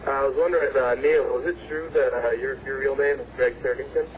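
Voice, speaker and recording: A man's voice: medium pitch, steady tone, brisk, slight background noise, poor audio. Hesitant caller man from Virginia. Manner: hesitant, with many uhs. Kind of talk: call-in chat.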